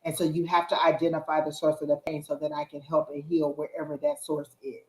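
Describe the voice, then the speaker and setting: A woman's voice: sits low, level tone, a little fast, darkish tone, echoey room, poor audio. A woman tarot reader giving earnest, repetitive spiritual advice in a casual live reading.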